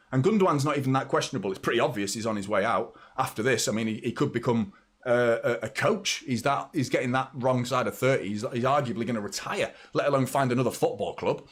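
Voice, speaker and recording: Young English male streamer, chatty match-watching host, rambling and casual, middle pitch. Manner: chatty, rambling, talks to viewers by name. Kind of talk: casual live match chat.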